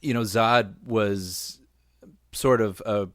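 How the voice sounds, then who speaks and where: A man co-hosting a casual movie podcast, agreeable and animated, with frequent yeahs. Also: on the low side, slow pace, no echo, clean studio sound. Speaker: podcast co-host. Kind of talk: casual chat.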